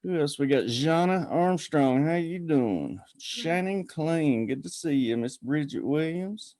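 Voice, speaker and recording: A man's voice: a little high, lively intonation, a little slow, darkish tone, no echo. A man hosting a call-in podcast, chatting casually in a folksy, rambling way and greeting viewers by name. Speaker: podcast host. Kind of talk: casual live-stream chat.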